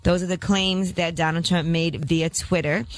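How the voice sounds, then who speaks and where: A woman's voice: on the low side, fairly even intonation, normal speed. A woman co-hosting a morning radio show, reporting gossip and news in a curious, chatty way. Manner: curious, questioning, conversational. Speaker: radio co-host, rumor reporter. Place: radio studio. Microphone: studio mic.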